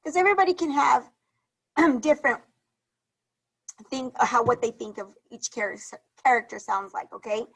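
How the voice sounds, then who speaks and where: High-voiced teacher coaxing young kids. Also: female voice, lively intonation, normal speed, long pauses, a bit bright, husky, poor audio. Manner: encouraging, repetitive, asks the class questions. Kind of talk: reading lesson for young children.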